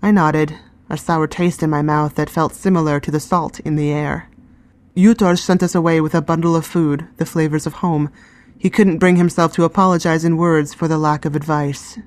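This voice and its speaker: Woman reading a fantasy story, low calm voice, first person. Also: normal speed. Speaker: narrator. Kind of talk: scripted first-person narration.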